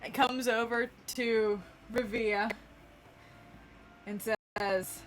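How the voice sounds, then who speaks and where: Female game master, slow, laid-back storytelling with frequent giggles. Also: fairly high pitch, lively intonation, fairly bright tone. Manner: unhurried, giggly narration. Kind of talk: narrating a tabletop game.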